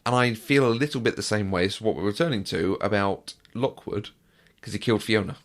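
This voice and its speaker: A man's voice: on the low side, a little fast. A man co-hosting a podcast, explaining plot points of a TV show in a casual, dry way. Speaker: podcast co-host. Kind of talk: casual TV review chat.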